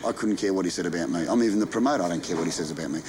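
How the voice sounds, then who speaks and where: A man's voice: deep voice, rapid-fire, background noise. A man with an Australian accent, a wrestling promoter talking bluntly in a documentary interview. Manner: blunt, forceful talk with mild swearing.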